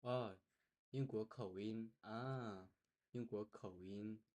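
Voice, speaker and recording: A viewer speaks slowly and casually while reacting to a lesson video. The voice keeps repeating the sounds aloud and adds offhand comments between them. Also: medium pitch, darkish tone, slight background noise.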